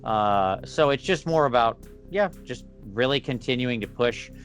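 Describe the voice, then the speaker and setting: A man talking as a guest on a casual interview podcast, thoughtful and measured. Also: medium pitch, expressive, fairly bright tone, faint music behind. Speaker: podcast guest, miniature painter.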